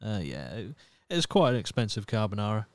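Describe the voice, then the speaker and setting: Male podcast host, smooth and resonant, easygoing chat, close dry mic. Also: fairly low pitch, brisk, no room sound. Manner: relaxed, swears casually, reads chat aloud. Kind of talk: casual chat.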